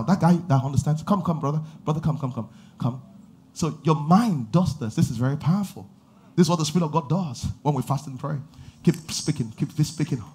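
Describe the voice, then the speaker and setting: A man preaching a sermon as pastor, asking the congregation questions and building to shouted passages. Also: on the high side, slight background noise.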